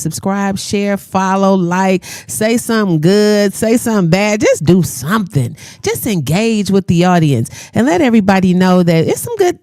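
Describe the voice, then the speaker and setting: A woman's voice: medium pitch, mellow, dry recording, clean studio sound. A woman hosting a radio talk show, talking in a playful, bawdy way and laughing often. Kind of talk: casual radio interview chat.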